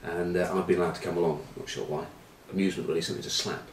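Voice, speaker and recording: A man's voice: low-pitched, flat delivery, very fast, a little hiss or hum. A man, a former rugby player, chatting casually as a pundit and telling loose anecdotes full of ums and uhs. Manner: rambling storyteller, full of ums and uhs, dry banter. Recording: roomy, from a distant mic.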